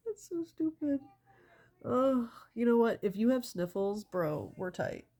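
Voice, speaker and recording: A woman's voice: a little high, big pitch swings, measured pace, mellow. A woman with a stuffy, congested nose, doing a stand-up comedy bit in an exasperated, rambling way, swearing often.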